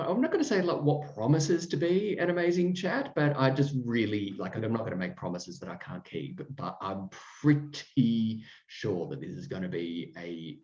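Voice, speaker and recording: A man's voice: fairly low pitch, darkish tone. A man hosting a podcast, chatting with a guest in an effusive, rambling way full of fillers and restarts. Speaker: podcast host. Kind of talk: casual chat with a guest. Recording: roomy, dull sound.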